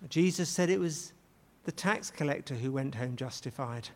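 A man's voice: medium pitch, normal speed, darkish tone. A man preaching a sermon with dramatic emphasis. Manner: dramatic, acts out quoted pleas with rising intensity. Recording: long hall reverb.

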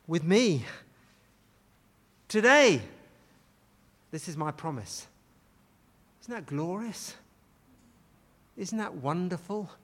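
Slow, high-voiced preacher in a reverberant hall. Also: male voice, expressive, a bit bright. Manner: dramatic, acts out quoted pleas with rising intensity. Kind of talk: sermon.

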